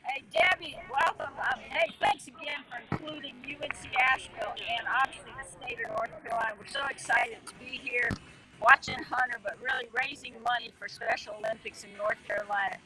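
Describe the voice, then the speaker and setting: Warm, teasing woman, fairly high voice. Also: a little fast, low-quality recording. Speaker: athletic director. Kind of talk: casual chat.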